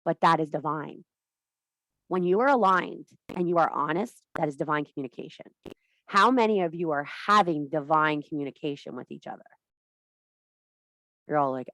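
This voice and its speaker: A woman with a deep, fairly bright voice speaks at a moderate pace, leaving long pauses, with no echo in the recording. She addresses a women's circle as a spiritual teacher, and her impassioned talk is blunt, profane and emphatically preached.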